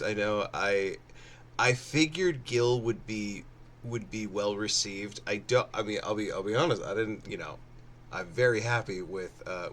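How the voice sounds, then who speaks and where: Bright-voiced hesitant game master man. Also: lowish voice, a little hiss or hum. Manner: hesitant, many "uh" and restarts. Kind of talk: casual post-game chat.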